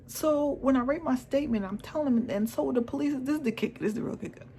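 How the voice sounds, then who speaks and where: Middle-aged woman, candid storyteller, emotional with hushed moments, faint noise behind. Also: high voice, fast. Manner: emotional, repeats herself, drops into a near whisper. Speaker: vlogger. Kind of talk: personal storytelling.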